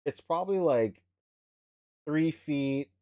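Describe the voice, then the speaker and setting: A man's voice: a little high, takes it slowly, mellow. A man co-hosting a podcast in casual chat, joking, swearing and laughing often.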